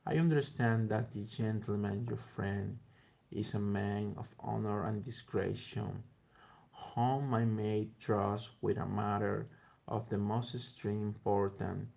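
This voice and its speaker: A man's voice: fairly low pitch, fairly even intonation, slow, creaky, darkish tone. A man reading aloud and voicing a haughty male foreign nobleman who speaks in stiff, formal, demanding sentences. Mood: imperious.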